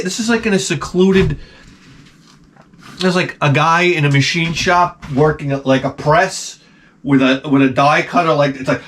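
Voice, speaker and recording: A man hosting his own channel, telling a rambling comic story with lots of swearing and loud mouth sound effects. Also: fairly high pitch, moderate pace, a little hiss or hum. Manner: animated, profane, with loud sound-effect imitations. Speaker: channel host. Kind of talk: rambling comedic monologue.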